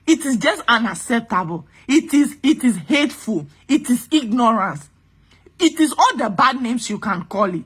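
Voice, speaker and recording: A Ghanaian woman vents to her followers in an angry, exasperated rant. Her voice is husky and fairly high. It swings widely as she hammers her points home. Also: sing-song, moderate pace. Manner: exasperated, emphatic, repeats herself. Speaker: vlogger. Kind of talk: impassioned vlog rant.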